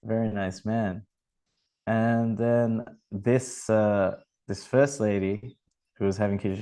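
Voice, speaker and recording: Man with a low-pitched voice, easygoing temple speaker telling a story in loose, halting speech. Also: flat delivery, a little mellow, low-quality recording. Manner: rambling, with many fillers and restarts. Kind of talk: informal religious talk and storytelling.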